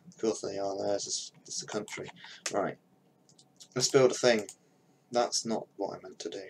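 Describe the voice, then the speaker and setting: A man's voice: mid-range voice, slight background noise, poor audio. A young man thinking aloud in casual commentary while he builds a game map on a live stream, with mumbled asides as he works.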